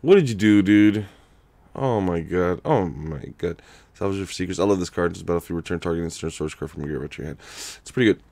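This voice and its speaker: With a low, creaky voice and a fairly quick pace, a young streamer comments casually on his gameplay. He uses slang, laughs loudly and reads viewers' donations aloud to thank them, all in a dry recording.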